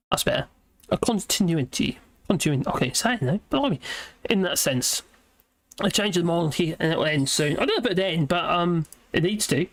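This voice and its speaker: British streamer rambling thru chat comments, laughs a lot, mid pitch. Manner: chatty, rambling, laughs often, muses aloud. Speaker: livestream host reading viewer comments.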